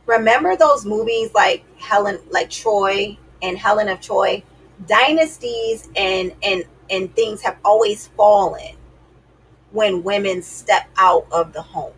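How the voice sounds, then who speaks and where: A woman talks to the camera casually, giving her viewers dating advice in a sassy, emphatic manner. Her voice is medium-pitched and slightly rough, she takes it slowly, and the recording quality is low.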